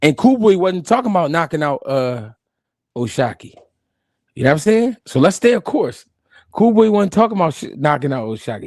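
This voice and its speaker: Male stream host, high voice, cracks up often, dry close sound. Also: normal speed, long pauses, no room sound. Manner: animated, laughing, profane banter. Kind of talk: live-stream boxing commentary.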